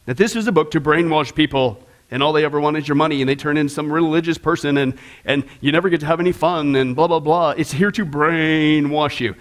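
A middle-aged man teaching a discipleship class in a casual, animated way, often asking the class questions. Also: high-pitched.

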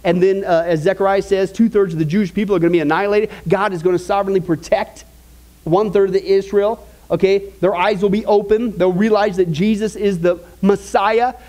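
A man's voice: high voice, fairly quick. A man teaching a church Bible study class in a conversational way, often asking the class rhetorical questions and checking in with "okay?". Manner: animated, with frequent "okay?" checks.

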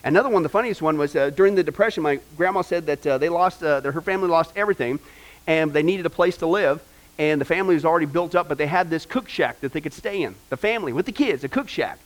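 A male pastor preaching a sermon, telling family stories in an animated way with many "uh" fillers. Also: on the high side, fast talker.

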